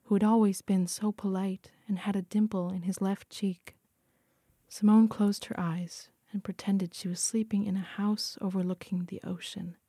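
A woman narrating a story aloud in a quiet, hushed voice that often sinks to a whisper. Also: mid-range voice, breathy edge, no room sound, clean studio sound. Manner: hushed, frequently dropping to a whisper. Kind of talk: audiobook reading.

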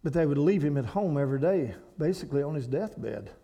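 High-voiced Kentucky man telling a folksy story. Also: expressive, fairly quick, gravelly, dark tone. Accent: Kentucky Appalachian. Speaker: guest speaker at a church. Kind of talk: storytelling sermon.

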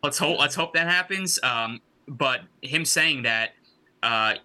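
A man's voice: medium pitch, expressive, slow pace, sharp tone. A man co-hosting a casual wrestling podcast, rambling with lots of fillers and swearing as he talks. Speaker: podcast co-host.

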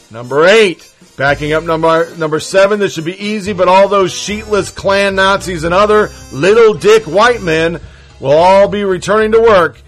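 Brief: man doing a Southern older woman, preachy and demanding, slow drawl, highish voice.

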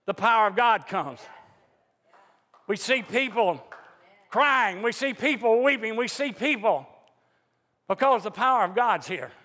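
A man's voice: high-pitched, lively intonation, a little slow, pauses often, pushed and bright. A man preaching a sermon in a fervent, emphatic way, his voice rising into outbursts, in a church sanctuary. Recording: echoey church hall reverb.

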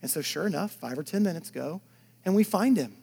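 Husky-voiced man preaching a sermon. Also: on the high side, animated, a little fast. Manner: shifts from loud emphatic preaching to hushed near-whispers; conversational asides to the congregation. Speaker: pastor.

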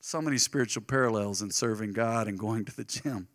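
A middle-aged man preaching a sermon to his congregation, telling stories animatedly and moving between loud bursts and soft, quiet asides. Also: on the low side, brisk. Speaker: pastor. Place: church sanctuary. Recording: live church sound with long reverb.

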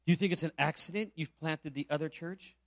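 A man's voice: fairly high pitch, a little fast, a bit bright, no echo, clean studio sound. A man from Puerto Rico preaching a sermon, telling a story and asking the congregation rhetorical questions. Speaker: pastor.

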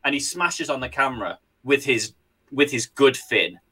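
A man co-hosting a comedy podcast, spinning a silly story with frequent laughs and quick bursts of character voices. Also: mid-range voice, expressive, pushed and bright, slightly rough. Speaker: podcast co-host.

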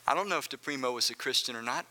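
A man's voice: mid-range voice, racing, pushed and bright. A male pastor preaching a sermon, speaking earnestly and directly to his congregation and repeating phrases for emphasis.

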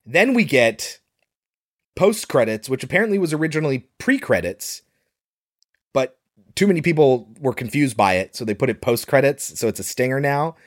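A man's voice: medium pitch, sing-song, normal speed. Sarcastic, swearing podcast co-host man. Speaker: podcast co-host reviewing a film. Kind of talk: casual chat.

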